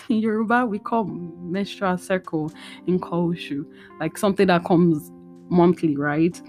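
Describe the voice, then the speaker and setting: A woman talks on her own podcast in a lowish voice, tired and emotional. She rambles and slips Yoruba phrases into her talk. Faint guitar music plays softly behind her. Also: moderate pace. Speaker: podcast host. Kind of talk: casual solo podcast talk. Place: indoors at home.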